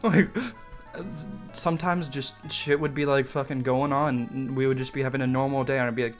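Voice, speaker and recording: A man's voice: medium pitch, fairly even intonation, fairly quick, faint music behind. A young man telling a story from his school days in a casual, rambling way, swearing freely, mocking himself and laughing often.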